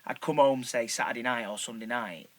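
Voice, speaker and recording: A man's voice: mid-range voice, a little fast. A man chatting casually, swearing, full of fillers. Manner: swearing, filler-heavy, restarts. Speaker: podcast co-host. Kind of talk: casual chat.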